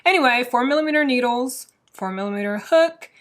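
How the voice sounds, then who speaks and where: A woman hosting a casual crochet podcast, chatting to the camera in a rambling, excitable way with plenty of "like" fillers. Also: on the high side. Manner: excitable, quick to get worked up. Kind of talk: casual chat showing yarn to camera.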